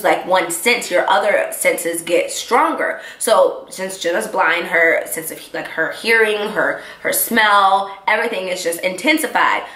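Chatty young woman recapping a show, bright. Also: mid-range voice, roomy sound. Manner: excited, chatty, animated storytelling. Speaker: vlogger. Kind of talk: casual TV recap.

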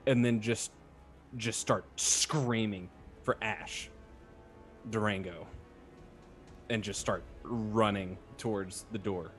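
A man's voice: on the low side, fairly even intonation, takes it slowly, soft background music. A man playing a tabletop game, animatedly narrating what his character does. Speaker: player.

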